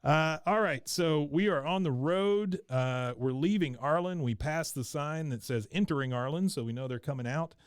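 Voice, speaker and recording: A man's voice: on the high side, normal speed, hardly any pauses, smooth, dry recording, studio quality. A man hosting a podcast, casually recapping an episode with lots of filler sounds and chuckles. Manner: rambling, many filler sounds, chuckles often. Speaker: podcast host.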